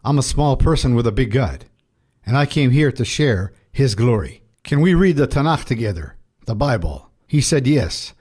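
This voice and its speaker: A man's voice: medium pitch, darkish tone. Man preaching a ministry update. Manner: preaching, reads scripture aloud. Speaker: Messianic rabbi.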